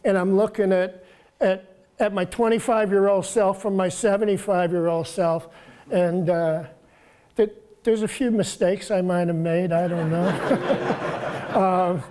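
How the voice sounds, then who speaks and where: Soft-voiced man in his seventies, guest author, halting speech with repeated words and chuckles. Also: high voice, steady tone. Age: 70s. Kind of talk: casual storytelling talk.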